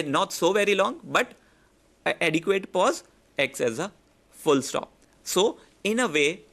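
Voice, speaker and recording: A man with an Indian English accent giving a public speaking lecture, explaining slowly and repeating example sentences with shifting emphasis. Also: mid-range voice, creaky, fairly bright tone.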